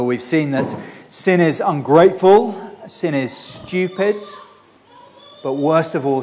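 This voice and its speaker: A man delivers a sermon in an earnest, conversational tone. His voice sits high for a man, and he often restarts his phrases as he talks. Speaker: preacher.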